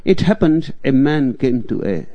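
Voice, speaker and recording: A man giving a spiritual discourse, telling jokes and asking rhetorical questions in an unhurried way. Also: medium pitch, animated, dry recording, dull audio. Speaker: spiritual teacher.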